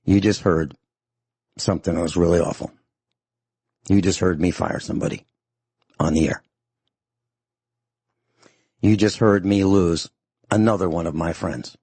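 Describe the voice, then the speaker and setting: A deep, gravelly man delivers a stern radio talk show monologue. His voice is husky and close in a dry studio sound, and he hammers his points by repeating them. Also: fairly even intonation, a little slow, pauses often, darkish tone, dry recording.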